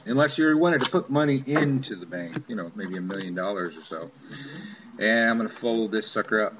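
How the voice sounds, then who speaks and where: A man's voice: mid-range voice, rough recording. A man casually talking through a money spell he performs on camera, offhand and wry, swearing now and then. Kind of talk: casual talk-through of a ritual. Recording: steady background noise.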